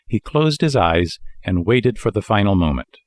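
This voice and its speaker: A man reading a children's audiobook with lively, expressive storytelling. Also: on the low side, normal speed, no echo, clean studio sound. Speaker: audiobook reader. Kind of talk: scripted narration.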